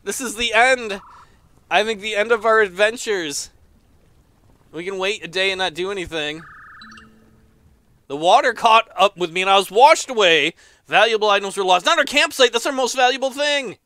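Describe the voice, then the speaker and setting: A man's voice: high voice, normal speed, pauses often, sharp tone, dry recording. A man casually commenting on a game as he plays, exclaiming often, laughing and reading the game's text aloud. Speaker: let's player.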